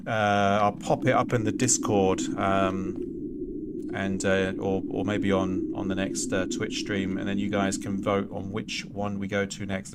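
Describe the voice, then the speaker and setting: A man streaming a video game, rambling and thinking aloud with lots of fillers, on a noisy recording. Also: lowish voice. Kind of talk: casual let's-play commentary.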